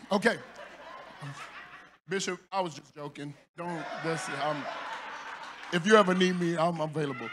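A male pastor preaching a sermon in church, telling stories with shouts, laughter and playful asides to the congregation. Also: on the high side, moderate pace, pauses often, a little hiss or hum.

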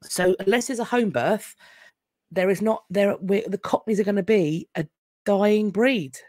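A woman's voice: mid-range voice, measured pace, a little mellow, no echo, clean studio sound. A woman with a London accent hosting a casual history live stream, chatty and wry, often breaking off and restarting her sentences. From England. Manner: chatty, wry and self-interrupting. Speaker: history channel host.

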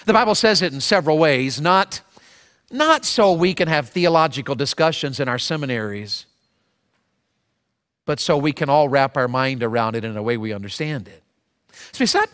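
Emphatic high-voiced man preaching. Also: expressive, moderate pace, a bit bright, long reverb tail. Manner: emphatic, acts out prayers in a raised voice. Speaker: pastor. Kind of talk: sermon. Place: large church sanctuary.

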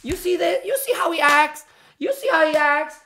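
A woman streamer chatting casually on a live reaction stream, excitable, swearing often and doting on her pets. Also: high-pitched, moderate pace, slight background noise.

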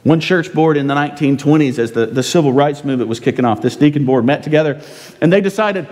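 A man preaching a sermon in a church, animated and conversational, with frequent rhetorical tag questions to the congregation. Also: a little high, quick pace. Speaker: pastor. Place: church sanctuary. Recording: long reverb in a church.

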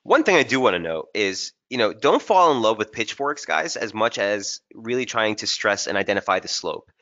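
A man's voice: lowish voice, very animated, normal speed, sharp tone, muffled recording. A man hosting a live trading webinar, talking casually and energetically straight to his viewers as he walks through market analysis over charts.

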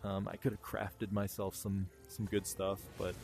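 Rambling gravelly-voiced man playing a VR game. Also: low-pitched, flat delivery, moderate pace, darkish tone, dry recording. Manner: rambling, many ums, chuckles often. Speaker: gaming YouTuber. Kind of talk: casual VR gameplay commentary. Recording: faint game music underneath.

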